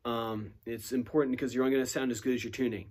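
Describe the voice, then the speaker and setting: A man giving a guitar student recorded feedback in a relaxed way, with many fillers, counting picking strokes aloud and humming rhythms. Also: mid-range voice, rapid-fire, slightly rough. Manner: hums and scats rhythms while demonstrating. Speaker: guitar teacher. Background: guitar playing between phrases.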